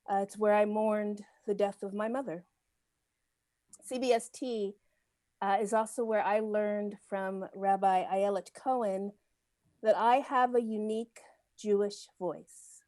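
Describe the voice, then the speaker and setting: Middle-aged woman telling her own story at a service, earnest, slow with lots of pauses, mid pitch, dry close sound. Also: darkish tone, no room sound. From United States. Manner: earnest, measured, with frequent pauses and fillers. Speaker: guest speaker at a synagogue service. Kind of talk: personal testimony speech.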